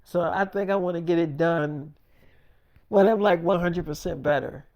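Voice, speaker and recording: A man voicing a sick, tired young woman who speaks low and drained in a spoken story. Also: moderate pace, dull audio, lightly acted. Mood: weary.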